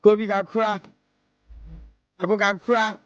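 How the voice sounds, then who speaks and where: A woman radio host with a Ghanaian accent chats casually in the studio, mixing English and Twi and playfully imitating her friends' voices. Her mid-range voice has little pitch movement and a slow pace, and the audio's highs are cut off.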